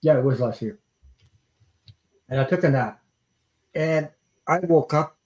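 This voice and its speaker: A man's voice: on the high side, measured pace, darkish tone. Chatty laughing male host. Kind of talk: casual live-stream chat.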